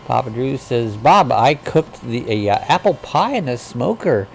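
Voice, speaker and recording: A man's voice: mid-range voice, big pitch swings, a little slow, creaky, soft background music. A man hosting a casual livestream chat, reading viewer comments aloud and greeting people in a folksy, rambling way. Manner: rambling, frequent uh fillers. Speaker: livestream host.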